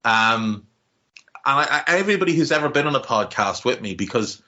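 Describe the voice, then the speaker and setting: Irish man from Navan, bright voice. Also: mid-range voice, lively intonation, fairly quick, muffled recording. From Ireland. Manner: rambling and heartfelt, many restarts, casual swearing. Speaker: podcast co-host. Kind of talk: casual podcast chat.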